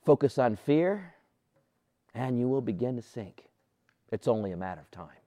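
A male pastor preaching a sermon, animated and playful, sometimes dropping to a soft, low voice on key points. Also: normal speed, no echo, clean studio sound.

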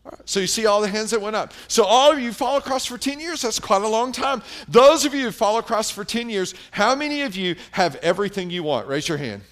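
A man's voice: sits high, animated, brisk, few pauses, fairly bright tone. A middle-aged man preaching a sermon as pastor, emphatic and putting questions to the congregation.

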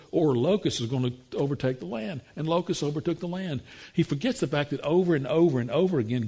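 A man preaching a sermon, acting out voices in the quotes, his pitch rising when he gets excited. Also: husky.

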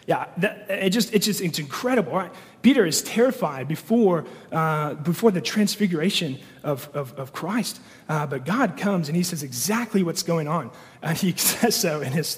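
High-voiced pastor in a reverberant hall. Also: male voice. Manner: conversational, many fillers and restarts. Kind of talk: sermon.

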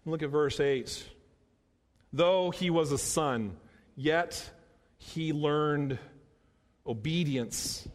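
A large hall's long reverb follows each line as a male pastor gives his sermon in a fairly high voice. He repeats himself and slows down heavily to press on the words that matter.

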